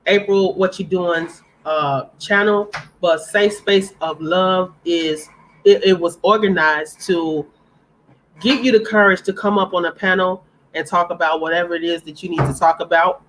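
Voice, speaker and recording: A woman's voice: on the low side, fairly even intonation, moderate pace, a bit bright, slight background noise, rough recording. A woman speaking on a live-stream panel, earnest and heartfelt, repeating phrases for emphasis.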